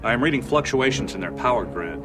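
An actor as a precise android officer. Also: male voice, mid-range voice, lively intonation, fast, close to an everyday voice. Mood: matter-of-fact. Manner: formal, exact reporting. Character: precise male android officer, calm and literal. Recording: film soundtrack with score music.

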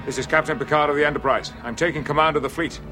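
An actor playing a calm, commanding starship captain who gives measured orders, in a film clip. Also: male voice, on the high side, close to an everyday voice. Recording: film soundtrack with score music.

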